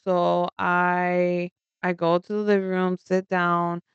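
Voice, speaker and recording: A young woman telling a story in a casual vlog, animated and rambling, laughing often and swearing freely. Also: fairly low pitch, takes it slowly, smooth, no room sound, lo-fi sound.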